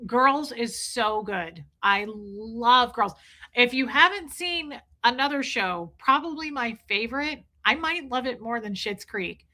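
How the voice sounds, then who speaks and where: Woman streamer, bright sharp voice, mid pitch, gushing and rambling at chat. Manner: gushing, enthusiastic, rambling with restarts. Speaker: live streamer. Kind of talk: casual chat reading out viewer comments.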